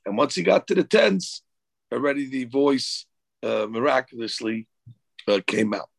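A man's voice: medium pitch, moderate pace, gravelly, dry recording, low-quality recording. A man, a rabbi, teaching a Torah class, reading Hebrew verses and explaining them in English.

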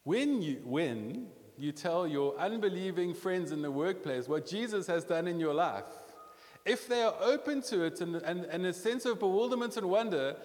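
A man delivers a sermon with a high, very lively voice that swings up and down. He talks conversationally, restarting phrases as ideas rush in. A long reverb trails his words through a large hall. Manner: animated, conversational preaching with quick restarts. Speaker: pastor.

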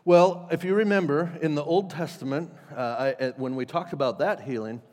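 A man preaching a sermon in a conversational, animated way, acting out quotes with sudden loud and soft turns. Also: fairly high pitch, moderate pace, big-room sound. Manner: conversational, animated, acts out quotes with shifts in loudness. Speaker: pastor.

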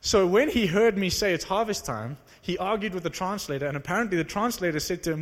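This is a storytelling sermon: a preacher, slightly high-voiced, speaks at a quick pace and animates the dialogue he acts out. His words echo with the lengthy reverb of a large hall.

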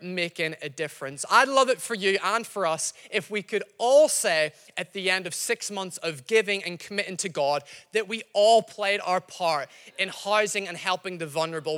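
A man addresses his congregation with a rousing, emphatic appeal, pushing his voice up to near-shouts on the key lines. His voice sits high and sounds bright and forceful. The sound carries the long reverb of a large hall. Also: normal speed, few pauses. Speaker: church leader. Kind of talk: church vision and giving appeal.

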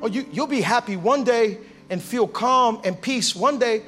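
A male pastor preaching a lively sermon, acting out everyday scenes and calling on the congregation to respond. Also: very high-pitched, moderate pace, faint music behind. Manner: animated, acts out everyday scenes and voices; calls for audience response.

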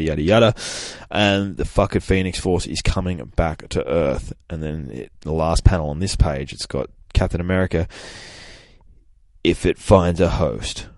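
Low-voiced dude cursing his way through a comic recap, casual and rambling. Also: a little mellow, no echo. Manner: profane, rambling, swears constantly. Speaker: comic podcast host.

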